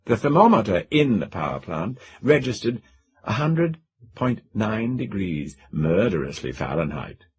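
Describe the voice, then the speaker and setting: A man narrating a science fiction audiobook in a low voice. His reading is dramatic and expressive, with wide swings of pitch. Lists and descriptions roll out with emphasis. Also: unhurried, breathy edge. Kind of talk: scripted narration.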